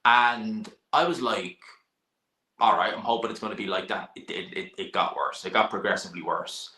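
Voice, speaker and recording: A young man chats bluntly on a live stream, answering his viewers as they ask. His voice sits a bit low but comes across bright and forward. The room around him is noticeably echoey. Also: moderate pace. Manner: chatty, blunt, sighs and laughs, swears now and then. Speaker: live-stream host reading chat. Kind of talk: casual live-stream chat.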